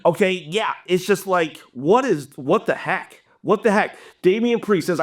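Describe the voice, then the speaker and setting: High-pitched young guy ranting about wrestling, fired up and exasperated. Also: lively intonation, measured pace, hardly any pauses. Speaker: wrestling channel host. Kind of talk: opinion rant to camera.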